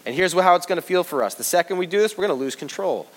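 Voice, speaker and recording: A man preaching a sermon to his congregation, lively and joking, talking straight to them. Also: high voice, rapid-fire. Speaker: pastor. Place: church service before a congregation.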